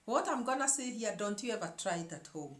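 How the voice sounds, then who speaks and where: A woman's voice: mid-range voice, very animated, brisk. A woman hosting her own show, telling a story to her viewers in an emphatic way and often repeating words as she searches for the next one. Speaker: show host. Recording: echoey room.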